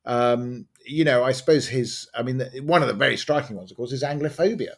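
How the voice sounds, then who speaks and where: A man explaining at a brisk clip. He weaves asides and fillers into long, winding sentences, as a podcast co-host in relaxed expert conversation. His pitch sits mid-range for a man. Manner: fast, digressive, many fillers and asides.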